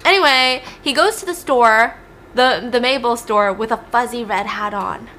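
A woman's voice: on the high side, moderate pace, pushed and bright, a little hiss or hum. A young woman casually recapping a film plot, chatty and sarcastic, swearing freely.

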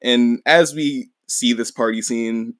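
A man's voice: mid-range voice, slow pace, fairly bright tone, dry recording. A man hosting a podcast, casually recapping a manga in a rambling, laid-back way, swearing and laughing along. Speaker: podcast host.

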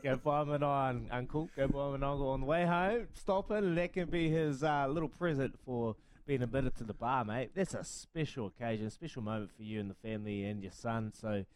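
A man's voice: medium pitch, a little fast, hardly any pauses, a little hiss or hum. A man hosting a radio show, chatting casually and friendly with his co-host. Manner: friendly, calls co-host uncle and mate.

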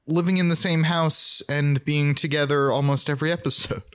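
A man co-hosting a podcast, recapping a TV episode in casual chat and cracking dry, quick jokes. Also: a little high, fairly even intonation, a bit bright, clear, resonant tone. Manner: dry, joking, riffs with quick asides. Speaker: podcast co-host.

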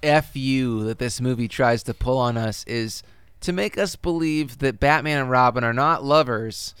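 A man with a smooth, clear voice at a middle pitch, co-hosting a casual movie review chat. He makes wry, crude, sarcastic jokes. The sound is dry and close. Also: normal speed, fairly bright tone, no echo. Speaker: podcast co-host.

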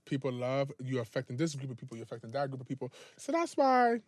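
A man in his twenties co-hosting a podcast, talking bluntly in fast, slangy casual chat. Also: medium pitch, sing-song, darkish tone, no echo. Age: 20s. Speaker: podcast co-host.

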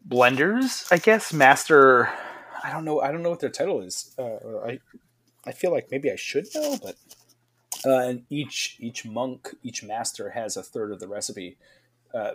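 A man's voice: medium pitch, fairly bright tone. A man hosting a podcast who works as a bartender. He chats loosely, laughs often and swears freely. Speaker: podcast host. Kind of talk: casual chat.

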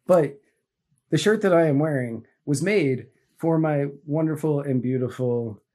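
A man's voice: mid-range voice, dark tone. A man co-hosting a casual live auction, easygoing, echoing his partner and laughing often. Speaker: co-host. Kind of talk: casual livestream auction chat.

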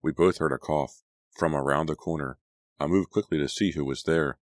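Very deep-voiced male audiobook narrator. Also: fairly even intonation, normal speed, dry recording.

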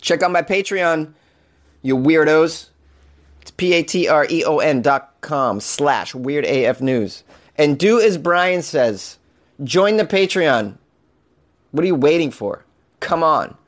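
A man hosting a solo comedy podcast, animated and over-caffeinated, swinging from loud jokes to muttered asides. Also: a little high. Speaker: podcast host.

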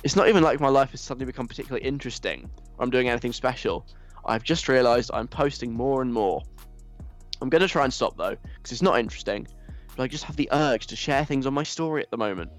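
A young man hosts a casual chat show, reading out messages from listeners and replying with playful, mock-stern teasing. His voice sits at an ordinary pitch for a man, with faint music playing quietly behind him. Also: fast talker. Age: young adult.

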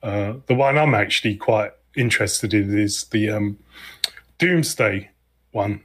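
This is a man talking casually on a gaming podcast. He speaks in an easygoing, halting way, with frequent ums. His voice sits slightly low. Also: a bit bright, husky. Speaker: podcast co-host.

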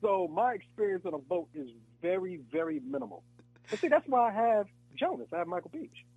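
A man, an actor, talking in a relaxed interview and telling animated stories, acting out voices and laughing often. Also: sits high, a little fast, husky, no echo, lo-fi sound. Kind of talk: casual interview chat.

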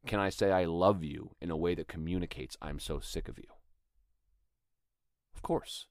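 A man's voice: sits low, normal speed, darkish tone, no echo, clean studio sound. A man hosting an acting podcast, explaining script work in a thoughtful, conversational way and sometimes reading lines aloud to show them. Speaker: acting coach podcast host. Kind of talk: instructional talk.

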